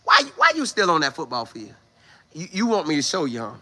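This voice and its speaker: A man voicing personified Time, a stern figure scolding an aging player in a low, quiet, taunting tone. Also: very animated, brisk, full character voice.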